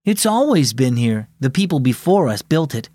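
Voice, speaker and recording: A man voicing a quiet, thoughtful boy in a children's audio story, speaking in a subdued, earnest way. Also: medium pitch, sing-song, normal speed, dry recording, studio quality. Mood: flat.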